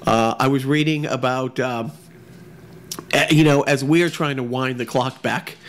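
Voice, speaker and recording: Halting male podcast co-host. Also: medium pitch, fairly even intonation. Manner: halting, many restarts and fillers. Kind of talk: casual chat. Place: echoey room at home.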